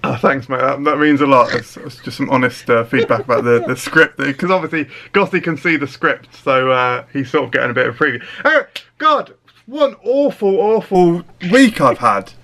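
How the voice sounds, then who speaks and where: A man's voice: medium pitch, fairly quick, vocal fry, few pauses, pushed and bright, a little hiss or hum. A man hosting a comedy podcast, telling absurd stories in a mock-serious, sweary way. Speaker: podcast host. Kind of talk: deadpan comedy podcast banter.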